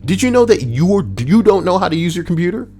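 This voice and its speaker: A man hosting a casual reaction stream, talking in a slangy, animated way and swearing freely. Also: sits high, fast talker, soft background music. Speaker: streamer host.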